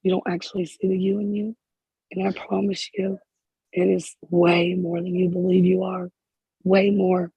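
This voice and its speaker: A spiritual healer speaking in emotional counseling to a group member, halting and repeating phrases, close to tears. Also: mid-range voice, flat delivery, gravelly, breathy edge, no echo, highs cut off.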